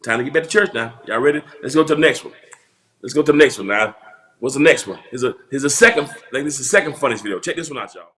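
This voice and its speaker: A man's voice: mid-range voice, fast, fairly bright tone. A man, a pastor, laughing and joking as he reacts to viral videos and leads mock prayers.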